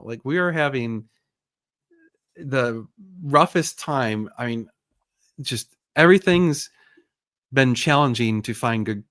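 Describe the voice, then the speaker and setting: Animated man telling a story, dry sound. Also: mid-range voice, no room sound. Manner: animated storytelling with frustrated sighs. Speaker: host. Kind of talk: casual chat.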